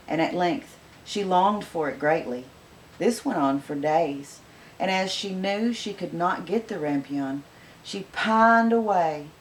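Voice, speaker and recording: A woman reading a fairy tale aloud in a gentle, unhurried, expressive way. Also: deep voice, a little hiss or hum, low-quality recording. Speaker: storyteller.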